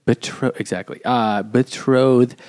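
A man co-hosting a casual book podcast over a video call, recapping the plot with quick asides. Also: mid-range voice, steady tone, a little mellow, no room sound, clean studio sound. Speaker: podcast co-host.

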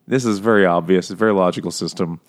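A man casually retelling a novel's plot for laughs, crude and animated, often breaking into laughter and quick voiced quotes. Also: low voice. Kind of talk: casual comedic book recap.

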